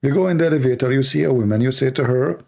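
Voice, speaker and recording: Hoarse, gravelly man firing rhetorical questions. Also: medium pitch, rapid-fire, mellow. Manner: argumentative, fires rhetorical questions; non-native English phrasing. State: hoarse, coughing. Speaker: debate livestream host. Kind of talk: live stream Q&A monologue.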